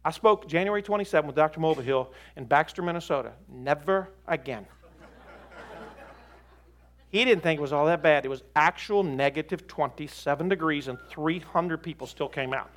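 A middle-aged man preaching a sermon to a live audience, emphatic and animated, with folksy joking asides. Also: on the high side, moderate pace.

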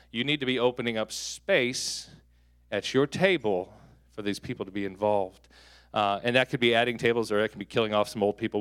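A man in his thirties preaching a sermon as a pastor. He tells stories with jokes and breaks into sudden loud peaks. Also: fairly low pitch, clear, resonant tone. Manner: animated, joking storyteller with sudden loud peaks. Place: church hall.

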